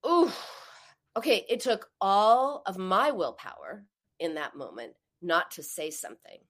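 A woman hosting a podcast, a parent who gives advice in a conversational way and tells stories with lively quoted voices. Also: mid-range voice, unhurried. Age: adult, a parent. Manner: animated storytelling, acts out quoted voices. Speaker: podcast host.

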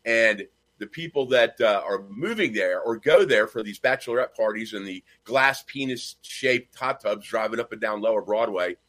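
A man co-hosting a casual chat, telling animated stories and acting out the people he quotes. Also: lowish voice, moderate pace, hardly any pauses. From Nashville. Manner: animated storyteller, acts out quoted voices. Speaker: co-host.

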